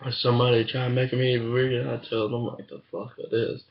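A man's voice: medium pitch, level tone, fairly quick, creaky. A man chatting crudely on a webcam, cursing and rambling. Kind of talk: casual chat. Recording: dull lo-fi webcam audio.

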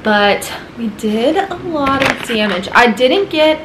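A woman's voice: sits high, lively intonation, slow. A young woman chatting casually to camera in her apartment, with lots of "like" fillers, now and then talking to her dogs. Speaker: vlogger. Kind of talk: casual vlog chat to camera. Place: apartment at home. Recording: echoey room, noisy background.

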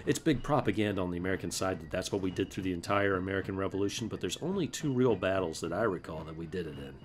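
Lively low-voiced man narrating his gameplay. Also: quick pace, a little hiss or hum. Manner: excitable, yells and laughs at the game, swears casually. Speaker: gaming channel host. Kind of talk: let's play commentary with history asides.

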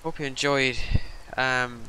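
Jumpy young man, bright voice. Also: medium pitch, steady tone, takes it slowly, slight background noise, rough recording. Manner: jumpy, swears and panics, mutters to himself. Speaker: gaming channel host. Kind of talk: horror game let's play commentary.

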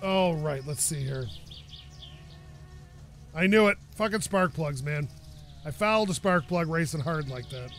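A man's voice: on the high side, lively intonation, unhurried, pauses often, fairly bright tone. A young man casually narrating his own gameplay, talking to himself and swearing when frustrated. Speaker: gaming YouTuber. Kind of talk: casual let's-play commentary.

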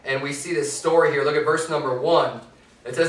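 A high-voiced male preacher reads scripture and then talks it through plainly, climbing sharply when he drives a point home. His voice rings around a reverberant church room, heard from some way off the mic. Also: fairly even intonation, fairly quick, fairly bright tone, distant mic. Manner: reads scripture aloud, then explains it in loose everyday talk; rises in pitch and force when stressing a point. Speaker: pastor. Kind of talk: sermon.

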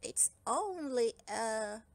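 A woman's voice: fairly high pitch, expressive, extremely slow, very noisy, voice pushed up, heavily acted. A woman reading aloud and voicing a brave but easily startled male gnome who exclaims and moans, with faint music behind.

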